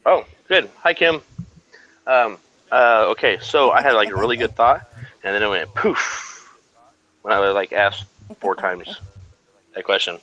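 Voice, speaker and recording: A rowdy, joking man who swears freely and sounds short on sleep. His voice is bright and swings widely in pitch. The lo-fi audio has a dull chat-line tone. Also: animated, measured pace, pauses often. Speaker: panelist on a voice chat. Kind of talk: casual chat.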